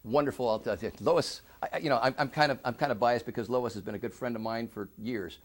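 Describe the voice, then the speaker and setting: A middle-aged man giving an oral history interview, speaking earnestly with many halting restarts. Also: mid-range voice. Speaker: interviewee, victim services director.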